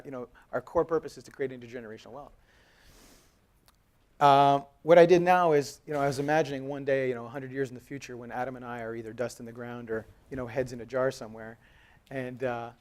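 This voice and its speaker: A man in his thirties from Canada giving a conversational, storytelling keynote talk at a conference as a company co-founder. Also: mid-range voice. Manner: lively, conversational, acts out dialogue with raised voice. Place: conference hall.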